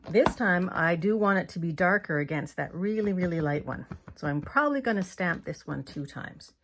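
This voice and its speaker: A woman from Canada hosts a hands-on paper crafting tutorial, narrating each step as she works. Her voice sits a little low for a woman, and her delivery is friendly and explanatory. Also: animated, moderate pace, fairly bright tone, slight background noise.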